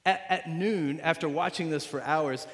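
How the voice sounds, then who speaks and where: A man preaching a sermon, retelling a story with dramatic swings between loud and hushed delivery and repeating phrases for emphasis. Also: on the high side, moderate pace. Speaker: pastor. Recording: long reverb of a large hall.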